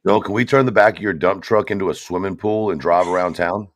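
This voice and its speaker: A man with a Southern American accent, a livestream guest chatting loudly and joking in a folksy way. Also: sits low, steady tone, fast, no room sound. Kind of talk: casual joking chat.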